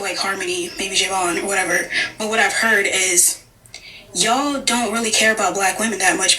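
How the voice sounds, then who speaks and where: A woman's voice: mid-range voice, bright, forceful tone. A woman on a live-stream panel who rambles, with lots of "like" and "um". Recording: distant from the mic.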